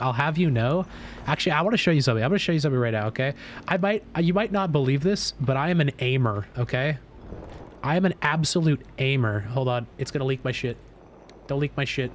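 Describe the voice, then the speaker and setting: A man streaming live, chatting casually while gaming, boastful and excitable, swearing freely. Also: medium pitch, fast, slight background noise.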